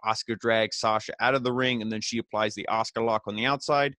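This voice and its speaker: A man's voice: fairly low pitch, fairly even intonation, fast talker, sharp tone, no room sound, studio quality. A man hosting a podcast, giving a casual, rambling recap full of "you know" fillers and paraphrased quotes. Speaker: podcast host.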